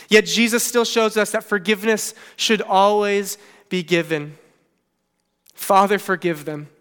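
Male pastor, earnest conversational sermon, clear resonant voice, long hall reverb. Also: sits high, a bit bright. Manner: earnest preaching with frequent "okay" asides and paraphrased storytelling.

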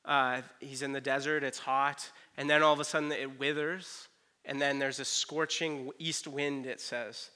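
A man preaching a conversational sermon. He retells a Bible story and acts out the characters' lines in quick asides. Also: medium pitch, little pitch movement, sharp tone, clean tone. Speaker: pastor.

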